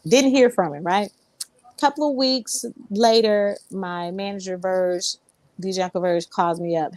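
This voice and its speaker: A woman's voice: mid-range voice, moderate pace, a little mellow, no room sound. A woman singer, a guest in an interview, telling her story in a rambling way, full of ums and restarts. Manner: rambling, many fillers and restarts. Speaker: Southern soul singer, guest.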